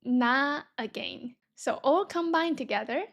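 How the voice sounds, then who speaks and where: Slow, cheerful high-voiced woman teacher. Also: expressive, muffled recording. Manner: cheerful, slow and deliberate, sounding out syllables. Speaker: Korean language teacher. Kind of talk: beginner language lesson.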